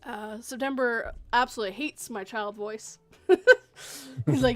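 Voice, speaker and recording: A woman hosting a horror livestream, reading a story aloud and then chatting casually, clearing her throat and laughing often. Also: on the high side, a little slow.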